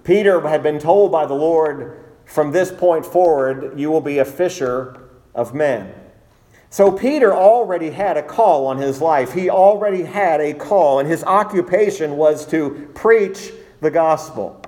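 A man preaching a sermon as pastor, measured and emphatic, repeating key phrases for weight. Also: a little high, expressive, darkish tone.

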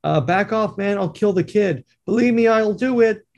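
A desperate crook, played by a man, who barks frantic threats in a voice pushed high with strain. He sounds like a cornered comic-book villain. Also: moderate pace, gravelly, darkish tone. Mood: threatening. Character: desperate male criminal holding a hostage.

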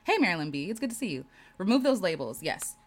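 A woman's voice: on the low side, big pitch swings, fast. A woman hosting a casual livestream, reading viewers' comments aloud and answering them with affirmations and laughter. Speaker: host reading live chat.

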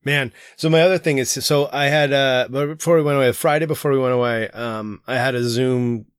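A man's voice: mid-range voice, fairly even intonation, brisk, smooth, no room sound. A man tells stories in an easy, casual chat, often breaking into laughter. The sound is dry and close, with no room around him. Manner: chatty storyteller, laughs often. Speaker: youth soccer coach.

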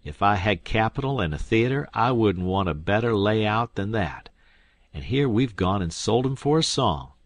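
A man voicing a sly middle-aged male swindler in an audiobook, talking in a slow, sardonic drawl. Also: lowish voice, animated, dry recording. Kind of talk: audiobook character voice.

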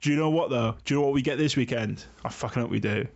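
A man co-hosting a podcast, swearing and calling his co-host mate in quick rants. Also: medium pitch, muffled recording. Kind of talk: casual banter. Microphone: remote call.

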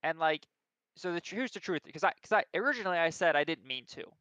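A young man co-hosting a casual chat, telling an animated, self-deprecating story. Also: a little high, fast, clean tone, no echo. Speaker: podcast co-host. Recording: dull lo-fi recording.

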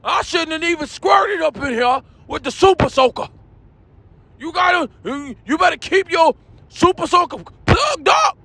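A man hosting a comedy bit, ranting in a loud, hyped, shouting delivery. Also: extremely high pitch, sing-song, normal speed, creaky, dry recording. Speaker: comedy host. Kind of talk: comedy rant.

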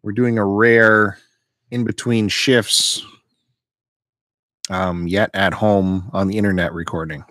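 Low-voiced man chatting while snacking. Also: a little slow, no room sound. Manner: chewing while talking, relaxed banter. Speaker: podcast co-host. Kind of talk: casual chat. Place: home.

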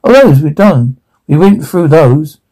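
A man with a gravelly voice delivering sitcom dialogue in halting bursts full of restarts. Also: fairly high pitch, animated, warm tone, rough recording.

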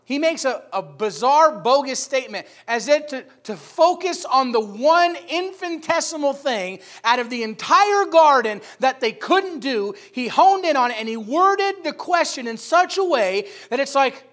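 High-voiced emphatic man preaching. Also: animated, moderate pace, hardly any pauses. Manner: emphatic, rising loud for key points. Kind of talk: sermon.

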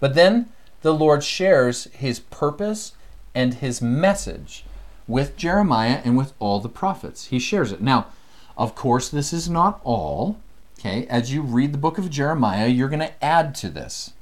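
Guy teaching a bible study lesson, mid pitch, animated, does little voices. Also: measured pace. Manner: animated, acts out quoted voices. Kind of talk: casual scripture lesson.

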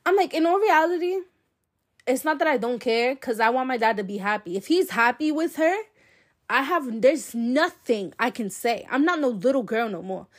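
A woman's voice: a little high, lively intonation, normal speed. A young adult woman hosting a podcast, telling a personal story in a blunt, profane, chatty way full of fillers. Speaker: podcast host.

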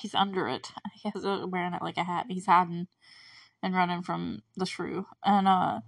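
A woman's voice: lowish voice, steady tone, normal speed, vocal fry, no echo. Young female podcast host, casual rambling recap, giggly and quizzical; dry, slightly distant mic. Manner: rambling, chatty, laughs often, puzzled asides.

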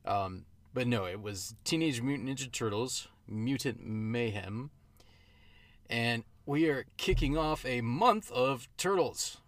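A man's voice: mid-range voice, lively intonation, takes it slowly, no echo. A man co-hosting a podcast, chatting casually and rambling, often correcting himself mid-thought. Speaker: podcast co-host. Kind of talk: casual chat.

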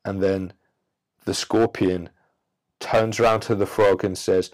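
Blunt, profane man with a lowish voice. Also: flat delivery, takes it slowly, pauses often, a little mellow. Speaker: podcast host. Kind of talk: solo podcast monologue.

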